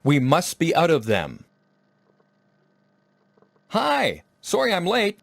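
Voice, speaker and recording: A man reading lines of a scripted practice dialogue, clear and slow. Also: on the high side, wildly swooping pitch, a bit bright, no echo.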